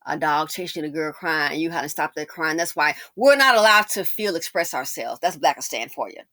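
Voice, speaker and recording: Woman host with a sassy, animated commentary delivery. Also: low voice, brisk. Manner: animated, sassy, mimics people in quotes. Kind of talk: casual commentary.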